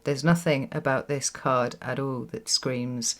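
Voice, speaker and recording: With a mid-range voice, a moderate pace and few pauses, a tarot reader gives a reflective solo reading to camera. Repetition for emphasis and "right?" check-ins come up often, and children are nearby at home.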